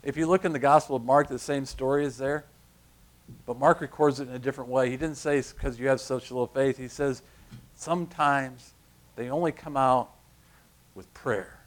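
A middle-aged male pastor preaching a sermon, telling stories with lively acted-out voices and loud, emphatic peaks. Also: mid-range voice, normal speed. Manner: animated storytelling, acting out voices, rising to loud emphasis.

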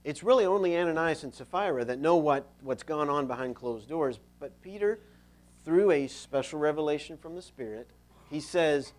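A man's voice: on the high side, lively intonation, moderate pace. A man preaching a sermon in a conversational, storytelling way, stressing key points.

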